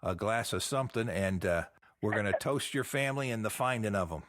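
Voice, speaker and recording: A man's voice: lowish voice, expressive, a little fast, a bit bright, dry recording, clean studio sound. Folksy chatty man hosting a show. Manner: folksy, chatty, trails off with fillers. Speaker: podcast host. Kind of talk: casual chat.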